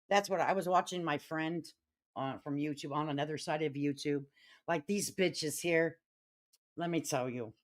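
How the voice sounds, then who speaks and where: A middle-aged woman with a Chicago accent hosts a casual live stream, talking in a brash, profane way and getting riled up and loud. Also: fairly low pitch, lively intonation, normal speed.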